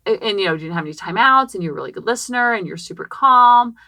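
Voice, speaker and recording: Bright-voiced chatty mom podcaster. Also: female voice, medium pitch, quick pace, no echo. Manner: chatty and animated, acting out quotes, many "like" fillers. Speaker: parenting podcast host. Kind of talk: personal storytelling. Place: small closet. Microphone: podcast microphone.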